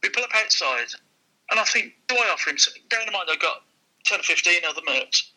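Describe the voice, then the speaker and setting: A used car dealer shares a casual anecdote in a lively way, playing out the people in it. His voice sits high, he talks quickly, and the recording is rough.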